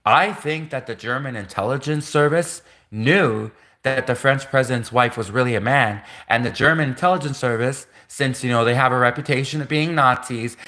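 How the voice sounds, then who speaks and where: Young Canadian guy, streamer, bright tense tone, loose repetitive rambling with frequent laughs. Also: medium pitch. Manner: repetitive, laughing often, casual filler-heavy. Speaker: livestream host. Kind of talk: rambling live commentary.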